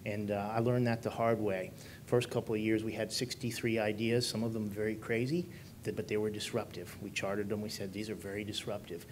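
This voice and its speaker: A man with a somewhat low voice gives a talk in a conference room, putting questions to the audience and reacting to their answers. A faint rumble sits under the recording. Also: little pitch movement, a little fast. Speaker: conference speaker. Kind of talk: conference presentation.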